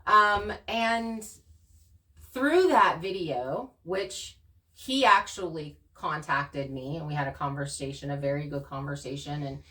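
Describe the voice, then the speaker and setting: A woman co-hosting a channel, casually talking through her experiences in an earnest, animated way. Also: deep voice, moderate pace, recorded from a distance. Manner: earnest, animated storytelling with laughs. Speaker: channel co-host. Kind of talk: casual conversation.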